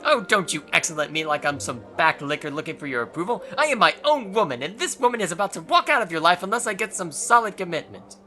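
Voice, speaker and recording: A man's voice: high voice, sing-song, moderate pace, pushed and bright, soft background music, voice pushed up, heavily acted. A man voicing a timid, sweet young woman who is eager to please, in a fretful, apologetic manner. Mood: mock angry.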